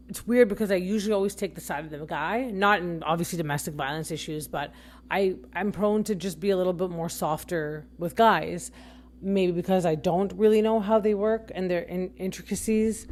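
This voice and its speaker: Chatty woman with a low voice. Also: normal speed, a little mellow, slight background noise. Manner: chatty, rambling, frequent self-corrections. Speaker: podcast host. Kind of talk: casual opinion commentary.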